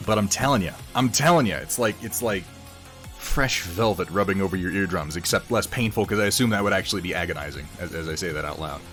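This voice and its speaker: Faint music runs behind a man who paints on a live stream and talks in a low, slightly bright voice at a quick pace. He greets viewers by reading their chat names, rambling along casually and making fun of himself.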